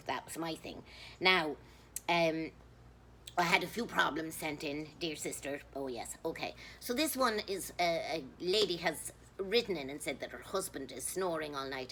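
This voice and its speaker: A woman with an Irish accent, rambling through a comic monologue as a nun, chatty and mock-pious with deadpan dark jokes. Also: sits low, a little hiss or hum. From Ireland. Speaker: comedian in a nun persona. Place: outdoors, with passers-by.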